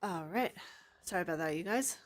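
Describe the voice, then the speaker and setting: A woman's voice: fairly low pitch, animated, fairly quick. A woman streaming live, chatting casually and answering viewer comments, rambling into tangents and laughing often.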